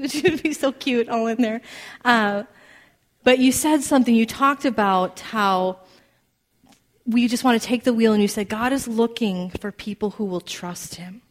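Woman, 30s, storytelling preacher, fairly high voice, animated with laughs and acted asides. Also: moderate pace. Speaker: speaker. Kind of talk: storytelling sermon.

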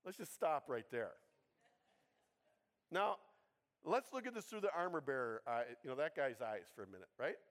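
A pastor with a somewhat high voice preaches in a relaxed, chatty way. He keeps checking in with the congregation and slips in playful jokes as he goes. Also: moderate pace, long pauses. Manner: conversational, keeps asking the congregation "right?"; humorous, playful asides. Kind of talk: sermon.

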